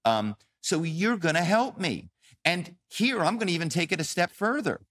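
Appearing as an interview guest, this author and ex-actor tells stories emphatically and dramatically, voicing the calls he describes in quoted speech. He has a high, very animated voice at normal speed, with a fairly bright tone, recorded at studio quality without room sound.

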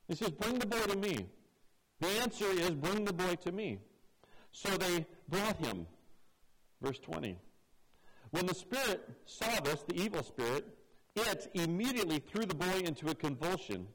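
A man's voice: high voice, very animated, moderate pace, a bit bright, poor audio. A man preaching a sermon, reading scripture verse by verse and acting out the voices of the people in it. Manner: expository preaching, acts out quoted voices. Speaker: pastor.

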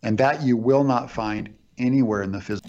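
A man's voice: mid-range voice, moderate pace, a little mellow, lo-fi sound. A man arguing his side in a debate, making assertive points and stacking examples in lists. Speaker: debate guest arguing for creation. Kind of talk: argumentative discussion.

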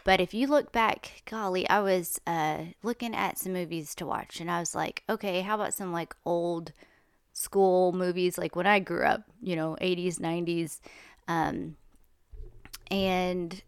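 A woman's voice: fairly low pitch, steady tone, measured pace, smooth, no room sound, studio quality. A woman talking in a chatty, rambling, indignant monologue. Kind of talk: casual monologue.

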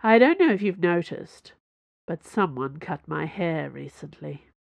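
A woman's voice: on the low side, lively intonation, measured pace, vocal fry, no room sound, lo-fi sound, full character voice. Woman voicing a wry, mischievous swordsman. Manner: wry, teasing. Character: mischievous swordsman man, dry humor.

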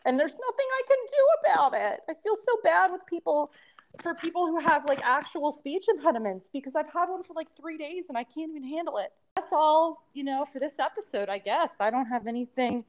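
A woman's voice: high voice, lively intonation, fairly quick. A woman in her thirties with a lisp, chatting casually as a podcast co-host and rambling with frequent laughter. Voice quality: lisp from temporary crowns. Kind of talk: casual chat.

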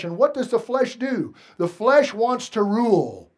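Pastor, male, high voice, earnest sermon delivery swinging from hushed to forceful. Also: sing-song, unhurried. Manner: swings between hushed confession and loud exhortation; earnest, plain-spoken preaching.

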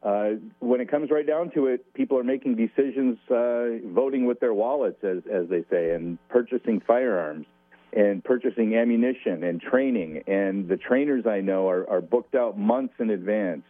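A man with a lowish voice joins a radio show as a guest over a thin, phone-like line. He speaks in a measured way with dry humor, and the sound is dry and close. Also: dry recording. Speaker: law professor and radio guest. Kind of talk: radio interview.

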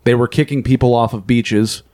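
A man's voice: medium pitch, fairly even intonation, normal speed, warm tone. A man hosting a podcast, agreeable and steering the casual chat. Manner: agreeable, steers the talk, chimes in. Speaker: podcast host.

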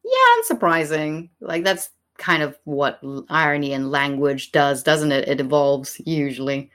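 A woman co-hosting a casual podcast chat about poetry, sarcastic and animated, with many fillers and restarts. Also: low voice, normal speed. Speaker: podcast co-host.

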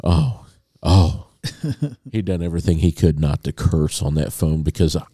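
A man co-hosting a podcast, telling a long story in a casual, animated way and acting out a phone call. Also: extremely low pitch, normal speed, no room sound, studio quality. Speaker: podcast co-host.

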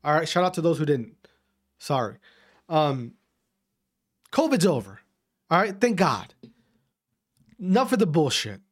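A man from Wisconsin ranting to his audience in a casual, profane way. His voice sits high and swings widely as he repeats himself and restarts sentences. He sounds loose and unscripted, talking straight to his viewers. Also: a little slow, long pauses. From Wisconsin, USA. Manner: profane, repetitive, animated ranting. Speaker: vlogger. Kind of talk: casual rant to camera.

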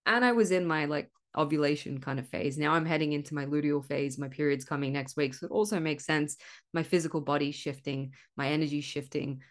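Woman, young adult, low voice, candid, swearing, rambling solo podcast. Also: fairly quick. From Australia. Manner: candid and rambling, swears freely, laughs at herself. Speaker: podcast host. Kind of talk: casual solo podcast monologue.

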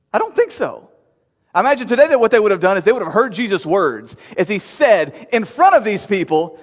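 A man preaching a sermon as pastor, conversational and emphatic, rising to sharp peaks. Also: high voice. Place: church sanctuary. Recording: long hall reverb.

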